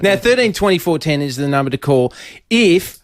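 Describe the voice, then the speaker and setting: A man's voice: a little high, lively intonation, normal speed. A man, hosting breakfast radio in a self-mocking, laughing banter. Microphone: studio microphone.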